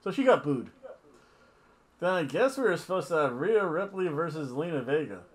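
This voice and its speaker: A man's voice: on the high side, sing-song, moderate pace. A man hosting a casual wrestling review, talking in a rambling, offhand, jokey way with asides. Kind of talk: casual wrestling recap chat.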